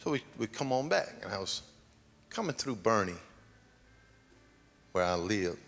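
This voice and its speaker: A middle-aged man, preaching a sermon as pastor with slow, dramatic storytelling and sudden loud peaks. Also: on the low side, very animated, vocal fry, a little hiss or hum. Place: large church sanctuary. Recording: long hall reverb.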